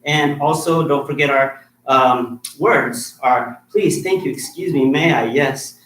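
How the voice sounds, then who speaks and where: Man, martial arts instructor running a kids' class, firm but encouraging, mid-pitched, roomy echo, faint hiss. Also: takes it slowly, fairly bright tone. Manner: firm and encouraging, checks in with "okay?" after nearly every point. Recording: echoey room with faint noise.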